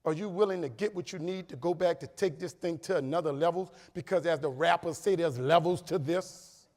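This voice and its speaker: Energetic New man, hall echo. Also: fairly high pitch. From New Orleans, USA. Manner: lively storytelling, humorous, builds to loud punchlines. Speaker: keynote speaker. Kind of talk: motivational conference speech. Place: large conference hall. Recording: long reverb of a conference hall.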